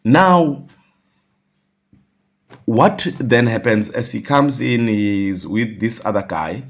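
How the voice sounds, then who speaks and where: A man's voice: medium pitch, animated, takes it slowly. A man telling a personal story, rambling, with restarts and quoted dialogue. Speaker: vlogger.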